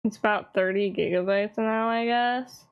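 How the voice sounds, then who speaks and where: A woman's voice: mid-range voice, steady tone, moderate pace, clean tone, narrow, tinny audio. A woman streamer chatting casually on a live stream, teasing and answering her chat with frequent laughs.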